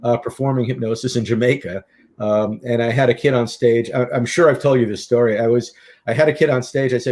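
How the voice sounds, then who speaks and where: A middle-aged man, a guest author and hypnotist, telling his story in a lively, animated way in a casual interview. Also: medium pitch, quick pace. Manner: lively, animated storyteller who acts out quotes.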